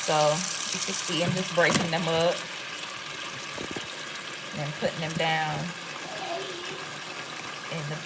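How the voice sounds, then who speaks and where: A woman's voice: deep voice, little pitch movement, slow pace, long pauses, echoey room, very noisy. A woman from Mississippi, chatting casually with viewers in a cooking vlog from her home kitchen, full of rambling asides and y'all. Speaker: lifestyle vlogger.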